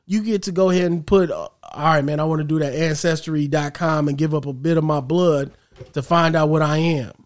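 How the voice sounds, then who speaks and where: A young man talking in a casual group chat, animated and rambling, with slangy speech. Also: on the high side, a little fast.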